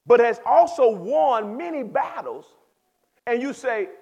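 High-voiced man preaching to youth. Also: lively intonation, measured pace, highs cut off. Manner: preaching, addresses listeners by name; swings between loud exhortation and quiet explanation. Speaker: pastor. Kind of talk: sermon to youth.

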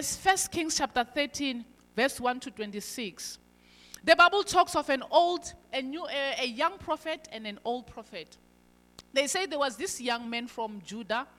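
Woman preacher, high bright voice, emphatic delivery, long hall reverb. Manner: emphatic, swinging between loud stresses and quiet asides. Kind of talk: sermon.

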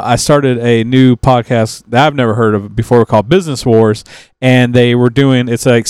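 Man, smooth clear voice, dry close sound, casual podcast chat, rambling. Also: mid-range voice, no room sound. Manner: rambling, relaxed, with many restarts and trailing sentences.

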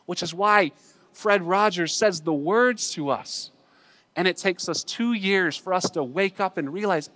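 A man preaching a sermon, swinging between loud emphatic lines and hushed asides. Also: high voice, moderate pace, in a large hall. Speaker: pastor.

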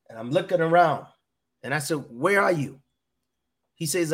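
A man's voice: on the high side, animated, moderate pace, pauses often, breathy edge. A middle-aged man giving an earnest personal testimony as a podcast guest, often repeating his phrases. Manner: earnest, repeats phrases, quotes voices in dialogue.

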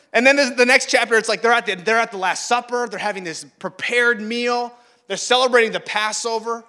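A man giving a sermon in a conversational way, acting out the voices he quotes and swinging from loud to hushed. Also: on the high side, fast. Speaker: pastor.

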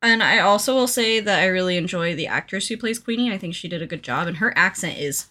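A woman's voice: on the low side, quick pace, bright, forceful tone. A woman co-hosting a podcast, discussing a movie in casual chat, hesitant and full of filler words. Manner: hesitant, filler-heavy, chatty. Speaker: podcast co-host.

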